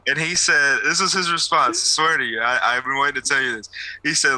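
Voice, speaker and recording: A young man co-hosting a podcast, a basketball coach telling animated stories in a casual sports chat, with big jumps in pitch at the punchlines. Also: a little fast, rough recording.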